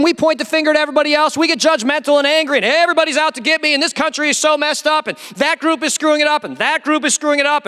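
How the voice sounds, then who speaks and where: A man's voice: very high-pitched, pushed and bright. A male pastor giving a sermon, talking emphatically and conversationally with many rhetorical questions. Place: church sanctuary. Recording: long reverb of a church hall.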